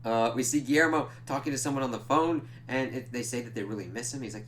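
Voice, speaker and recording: A man's voice: mid-range voice, fairly even intonation, fast, hardly any pauses, a bit bright, a little hiss or hum. Man casually recapping a TV episode. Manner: loose, profane, full of "like" fillers. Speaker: TV reviewer.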